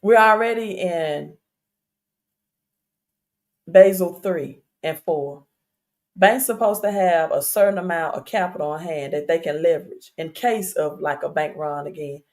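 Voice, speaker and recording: A woman's voice: lowish voice, measured pace, darkish tone. A woman hosting a casual livestream, talking straight to her viewers in a chatty, insistent way with fillers and repeated questions. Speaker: crypto livestream host. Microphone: streaming setup.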